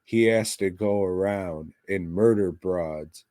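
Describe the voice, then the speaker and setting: A man's voice: deep voice, takes it slowly, warm tone, no echo. A man co-hosting a podcast, reviewing a movie in casual chat with crude, sarcastic, swear-heavy remarks. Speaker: podcast co-host. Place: podcast studio.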